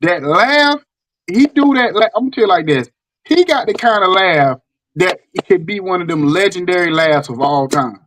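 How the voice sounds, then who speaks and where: A middle-aged man with a Southern US accent, hosting a casual chat and talking in animated bursts with repeated words and restarts. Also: sits high, moderate pace. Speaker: podcast host.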